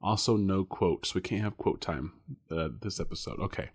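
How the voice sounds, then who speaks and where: A man's voice: low-pitched, normal speed, breathy edge. A man co-hosting a casual podcast chat, laughing often and rambling with lots of fillers. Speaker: podcast co-host.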